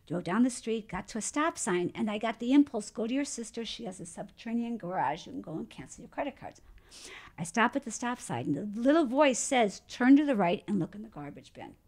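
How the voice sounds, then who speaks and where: Older woman telling a story softly. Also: fairly high pitch, brisk. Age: 60s. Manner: animated storyteller, acts out her inner voice softly. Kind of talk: casual chat, storytelling.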